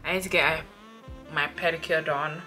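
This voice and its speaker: A woman's voice: low-pitched, steady tone, normal speed, pushed and bright, faint music behind. A young woman vlogging casually to the camera, chatty and addressing viewers directly, often restarting and rephrasing as she talks into a handheld camera mic, first at home and later walking outdoors in a city. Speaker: lifestyle vlogger. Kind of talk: casual vlog talk to camera.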